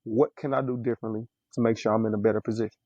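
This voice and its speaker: A Mississippi man with a Southern accent, a guest on a podcast. He talks quickly in a mellow, warm tone, rambling and repeating himself as he goes. The audio is dry and somewhat dull. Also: fairly low pitch, steady tone, no echo. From Mississippi, USA. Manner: rapid, rambling, repeats words. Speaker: podcast guest, military veteran. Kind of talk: casual podcast chat.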